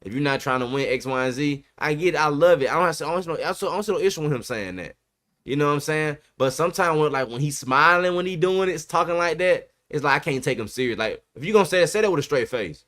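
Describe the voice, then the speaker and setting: A man's voice: a little high, fast talker. A man co-hosting a podcast, arguing about football in a casual, emphatic way. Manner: emphatic, animated, repeats "bro" often. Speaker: podcast host. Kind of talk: casual sports debate. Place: podcast studio.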